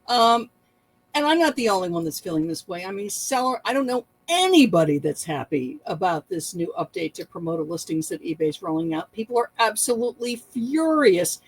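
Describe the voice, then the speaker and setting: A woman hosting an online reselling vlog. She talks to the camera in a casual, animated way, with laughing and exaggerated asides. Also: mid-range voice, fairly quick, dry recording, low-quality recording. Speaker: online reselling channel host. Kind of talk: casual talking-head vlog.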